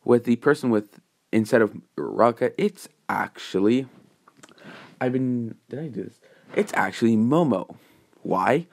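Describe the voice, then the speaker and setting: A man's voice: mid-range voice, expressive, measured pace, vocal fry, darkish tone. A man narrating a fan-made story in a casual, improvised way, rambling with fillers and self-corrections.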